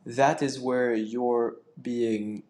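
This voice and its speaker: Earnest man speaking haltingly. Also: mid-range voice, fairly even intonation, a little mellow, slight background noise. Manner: earnest, halting, many restarts and fillers. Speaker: guest participant. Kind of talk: casual spiritual discussion.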